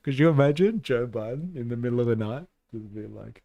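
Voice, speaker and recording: A man hosting a casual live stream, reacting to clips with sarcasm, swearing, and frequent laughter. His voice is mellow and dark, and the sound is dry and close to the mic. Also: medium pitch, animated, brisk, vocal fry, no room sound. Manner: sarcastic, profane, laughs often.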